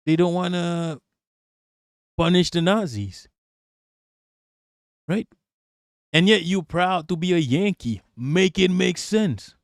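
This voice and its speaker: A man's voice: high-pitched, no room sound, studio quality. A man live-streaming political commentary, ranting emphatically and repeating himself, with constant swearing. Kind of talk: profane reaction rant.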